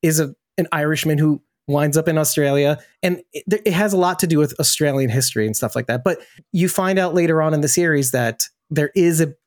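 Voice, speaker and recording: A man's voice: on the high side, fairly quick, no room sound, clean studio sound. A man co-hosting a casual TV recap podcast, joking, laughing often and explaining at length. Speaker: podcast co-host. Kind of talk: casual fan recap chat.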